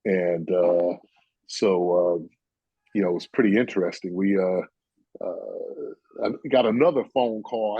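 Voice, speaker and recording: Male guest, 60s, from New York; meandering storyteller, husky mid-pitched voice. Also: mellow, no echo, muffled recording. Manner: rambling, full of "you know" and "uh". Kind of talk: casual storytelling chat.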